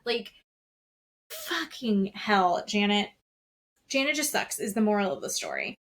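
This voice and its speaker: A woman co-hosting a podcast, recapping reality TV in casual chat, animated, acting out quotes and swearing freely. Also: mid-range voice, measured pace. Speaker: podcast co-host.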